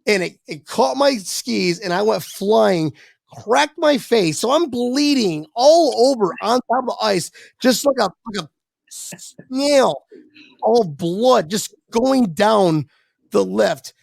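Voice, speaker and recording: A man telling a long anecdote as a podcast guest, lively and profane, acting out the voices of people in it. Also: high voice, slow, creaky, no room sound. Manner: animated, swearing, acts out quoted voices. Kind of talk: casual storytelling on a podcast.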